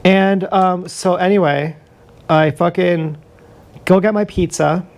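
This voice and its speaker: A man's voice: sits high, fairly even intonation, takes it slowly. A young man streaming live, telling meandering, profane stories in a casual chat with many restarts. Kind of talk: rambling casual storytelling.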